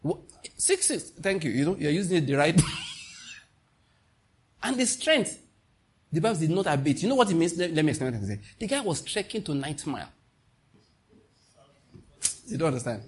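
Fervent Nigerian preacher, a man with a raspy, raised-pitch voice, at the pulpit. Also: big pitch swings, normal speed, pauses often. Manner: impassioned, mixing in pidgin asides. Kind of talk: sermon.

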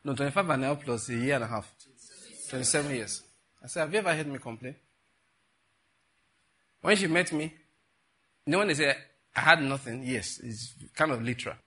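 Husky-voiced Nigerian pastor preaching. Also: male voice, mid-range voice, brisk, long pauses. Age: middle-aged. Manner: animated storyteller, bursts into laughing retellings. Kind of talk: sermon with storytelling.

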